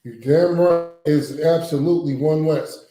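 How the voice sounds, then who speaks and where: A man's voice: fairly high pitch, a little slow, over loud music. A man with a Southern US accent leading a religious class discussion, emphatic and preachy, with casual slang. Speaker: class teacher. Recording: echoey room.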